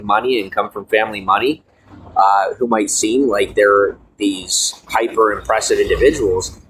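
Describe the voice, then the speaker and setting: A young man with a fairly low voice rambles to his viewers, stopping, restarting and filling gaps with fillers. His tone is preachy and defiant. The recording is rough, with faint street noise underneath.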